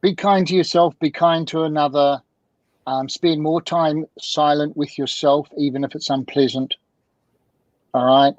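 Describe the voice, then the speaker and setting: A man speaking as a guest mentor in an interview, animated and fond of repeated rhetorical questions, heard through dull lo-fi audio. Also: fairly high pitch, a little slow, dry recording. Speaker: guest, emotional communication mentor. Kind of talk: video-call interview talk.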